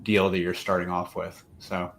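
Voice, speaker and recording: A man's voice: low voice, monotone, moderate pace, creaky, fairly bright tone, slight background noise. An American man speaking as an entrepreneur on a panel, casual and self-deprecating, with fillers and anecdotes. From United States. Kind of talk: panel discussion.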